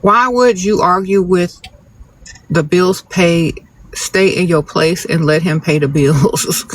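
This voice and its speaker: A woman's voice: on the low side, a little hiss or hum. A woman hosting a casual livestream, giving blunt, sassy relationship advice in a lecturing tone.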